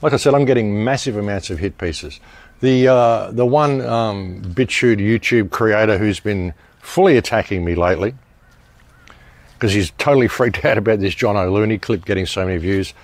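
A man with a fairly low voice delivers a casual monologue to his viewers. He talks in an emphatic, rambling way, restarting sentences and circling back on his points. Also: dry recording. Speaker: online commentator.

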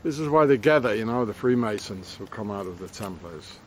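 A man's voice: lowish voice, expressive, fairly quick, a little hiss or hum. A man rambling on a walk-and-talk travel vlog outdoors in a town, with many fillers and restarts. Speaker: travel vlogger.

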